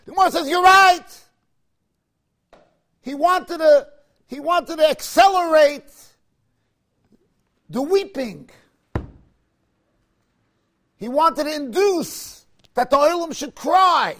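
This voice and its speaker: Guy teaching talmud, really high voice for a man, gets fired up, lots of rhetorical questions, hebrew words mixed in. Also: expressive, a little slow, long pauses, a bit bright. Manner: impassioned, rhetorical questions, bursts of emphasis; mixes English with Hebrew and Aramaic terms. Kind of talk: Talmud lecture to a class.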